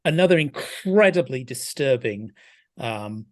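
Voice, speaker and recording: A man talks through a film in a relaxed podcast conversation, his voice sitting at an ordinary middle pitch. He thinks aloud, hesitates often and restarts his sentences before building his point. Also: a little slow. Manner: thoughtful, hesitant, many restarts. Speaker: film scholar guest. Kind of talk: casual podcast discussion.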